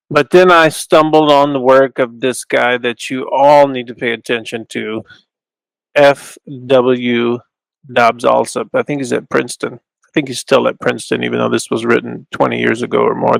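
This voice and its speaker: A man giving an informal teaching talk, thinking aloud with restarts and slowing down to stress key terms, at times chanting short lines of Hebrew. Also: medium pitch, vocal fry, a bit bright, smooth, no echo, low-quality recording. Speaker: Bible scholar teaching. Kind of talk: informal lecture with Hebrew recitation.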